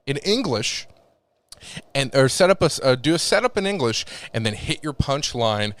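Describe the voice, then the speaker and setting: A man's voice: medium pitch, very animated, moderate pace, fairly bright tone. A man who is a comedian, telling rambling stories in a casual podcast chat, swearing often and restarting his sentences.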